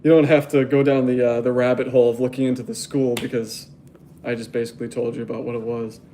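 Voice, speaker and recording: A man's voice: medium pitch, level tone, fast, warm tone, a little hiss or hum. A young man in casual livestream chat as a graphic novel artist, rambling and laughing often as he talks.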